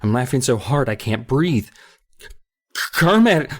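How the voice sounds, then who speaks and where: A man's voice: medium pitch, normal speed, darkish tone, breathy edge, pitched above the performer's own voice, lightly acted. A man voicing a boy who is laughing helplessly and gasping for breath, in a storybook reading. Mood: panicked.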